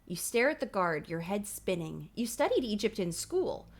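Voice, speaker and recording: A woman livestreams from home through a streaming microphone, reading a children's horror book with playful, giggly asides and some casual swearing. Her voice is mid-range with big pitch swings, delivered at a moderate pace.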